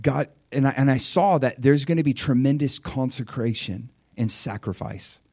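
A man preaching a sermon and recounting a vision, fervent, dropping to quiet asides and rising to loud surges, often restarting his words. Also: mid-range voice, moderate pace, gravelly. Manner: restarts and stumbles over words.

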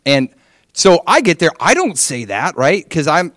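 A man from Hawaii preaching, telling his own testimony with animated storytelling and frequent rhetorical questions. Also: on the high side, measured pace, no echo, clean studio sound. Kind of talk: testimony sermon.

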